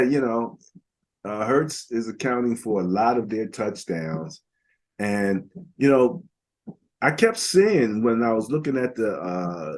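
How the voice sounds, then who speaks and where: An older man co-hosting a casual football podcast, rambling through stats with lots of fillers. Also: medium pitch. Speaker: podcast co-host. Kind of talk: casual sports talk.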